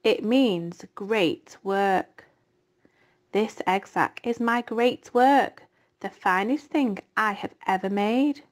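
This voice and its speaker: A woman voicing a wise, weary female spider who speaks in a soft, measured way. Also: mid-range voice, natural voice. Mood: gentle.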